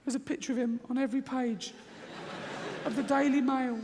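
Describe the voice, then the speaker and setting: A man voicing the panicky, fearful voice inside his head, blurting in a raised pitch. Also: fairly even intonation, brisk, darkish tone, slight background noise. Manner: high, jittery, blurting. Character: panicky inner voice of male fear. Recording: reverberant stage recording.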